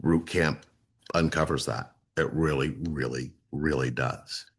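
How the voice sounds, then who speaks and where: A man with an extremely low, husky voice talks in an earnest, explanatory way. He often repeats himself for emphasis, like a coach walking listeners through his program. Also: fairly even intonation, measured pace. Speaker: relationship coach, co-host. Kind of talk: casual explanatory talk.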